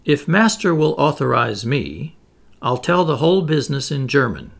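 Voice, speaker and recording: A man voicing a serene, deferential manservant who speaks calmly and politely. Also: mid-range voice, normal speed, gravelly. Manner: calm, polite, unruffled.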